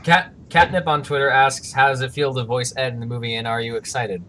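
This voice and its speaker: Relaxed man reading out fan questions. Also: mid-range voice, brisk. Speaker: interviewer host. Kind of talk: casual interview on a voice call.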